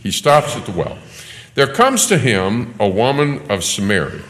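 A man's voice: medium pitch, big pitch swings, measured pace, a bit bright. A man teaching through a scripture passage in sermon style, with conversational asides and light laughter. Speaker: Bible teacher. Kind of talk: expository sermon reading and explaining scripture. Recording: echoey hall with faint ambience.

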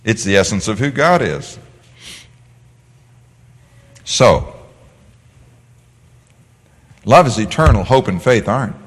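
A man teaching a Bible class, animated, asking the class questions and answering them himself. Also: lowish voice, a little slow, slightly rough. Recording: long hall reverb.

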